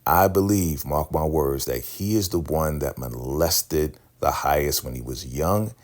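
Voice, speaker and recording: A young adult man giving a casual, animated TV episode recap. He calls his audience family and acts out quotes. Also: rumbling low, measured pace. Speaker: TV recap YouTuber.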